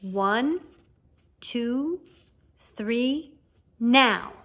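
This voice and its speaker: A woman's voice: fairly high pitch, animated, fairly bright tone, heavily acted. A woman voicing a kindly male professor. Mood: urgent commanding. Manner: brisk classroom commands, raised voice.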